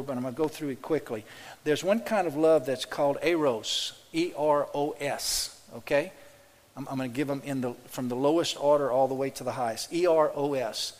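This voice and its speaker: A man's voice: mid-range voice, brisk. A male pastor preaching a sermon to his congregation, folksy and repetitive, talking straight to the pews. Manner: folksy, repeats words, addresses congregation directly. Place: church. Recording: long hall reverb.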